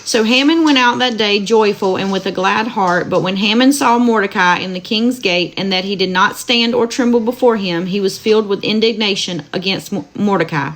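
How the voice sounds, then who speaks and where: A woman slowly reading Bible passages aloud at home, stopping to chat warmly with viewers. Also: mid-range voice. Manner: slow, tender reading, chats with viewers. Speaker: Bible reader. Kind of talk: live-streamed Bible reading with chat asides. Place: home with dogs running about. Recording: noisy home recording.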